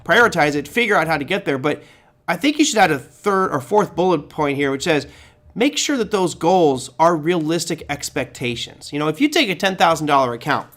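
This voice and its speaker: Animated, joking male host. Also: on the high side. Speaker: host and trading instructor. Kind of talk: casual chat.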